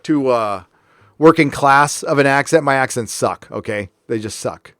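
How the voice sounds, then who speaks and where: A man's voice: medium pitch, unhurried, a bit bright, no echo, studio quality. A man from California hosting a show, ranting in a casual, sarcastic way. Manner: sarcastic, heated. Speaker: host. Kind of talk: casual commentary rant.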